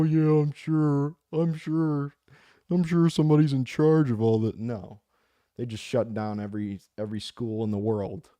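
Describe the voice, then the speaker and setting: A man's voice: lowish voice, dark tone, dry recording, studio quality. A man hosting his own channel, chatting casually about a book and reading out viewer comments, rambling, joking and getting fired up. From United States. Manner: impassioned, rambling, jokey. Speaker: audiobook narrator and channel host.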